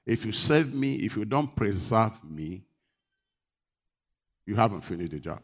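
A man's voice: on the low side, normal speed, pauses often. A man preaching a sermon, leading the congregation in call-and-response and rising to emphatic declarations. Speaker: pastor.

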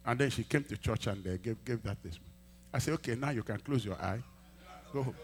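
A male pastor preaching a sermon, telling a testimony and acting out the dialogue, swinging from quiet asides to loud emphatic peaks. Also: medium pitch, fast, a little hiss or hum. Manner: acts out quoted dialogue in storytelling.

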